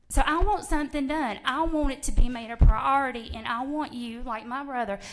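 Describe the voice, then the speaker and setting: A middle-aged woman giving an angry, emphatic public comment as a resident. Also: high voice.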